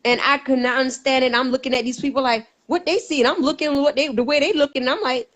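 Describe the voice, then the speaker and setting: A woman with a somewhat high voice tells her personal testimony as a guest. She speaks earnestly and emphatically, acting out the voices in the conversations she recounts. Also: quick pace, hardly any pauses, a bit bright, poor audio. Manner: earnest, emphatic storytelling that acts out quoted dialogue.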